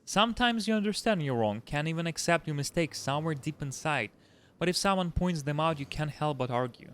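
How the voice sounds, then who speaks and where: A man's voice: a little high, animated, brisk, fairly bright tone, clear, resonant tone. A man playing a game, reading its story aloud with his own comments. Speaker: let's play host reading a visual novel aloud.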